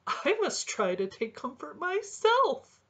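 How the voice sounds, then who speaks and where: A woman's voice: high voice, sing-song, takes it slowly, voice pushed up, heavily acted. Woman voicing a gloomy old woodlark. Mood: peevish, gloomy. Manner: gloomy, grudging and despondent. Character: old melancholy male woodlark, peevish.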